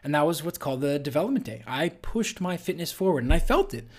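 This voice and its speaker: Man, podcast host, earnest, conversational, slightly high voice. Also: very animated, fast talker, husky. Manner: earnest, conversational, with frequent fillers. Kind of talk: solo podcast monologue.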